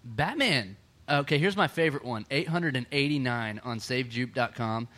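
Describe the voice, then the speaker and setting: A young man from Texas with a Texan accent, hosting a casual podcast chat, chatty and quick to laugh. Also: medium pitch, fairly bright tone. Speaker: podcast host.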